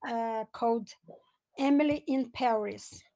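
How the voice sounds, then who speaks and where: A woman's voice: fairly high pitch, measured pace, warm tone. A woman with a Brazilian Portuguese accent practicing English on a video call, hesitant, with many fillers and small laughs. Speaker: English learner. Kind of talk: casual online lesson chat.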